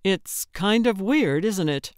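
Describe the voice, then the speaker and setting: A woman's voice: mid-range voice, animated, takes it slowly, smooth, no room sound. A woman voicing a grumpy older man who grumbles and complains in a dry way. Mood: grumbling.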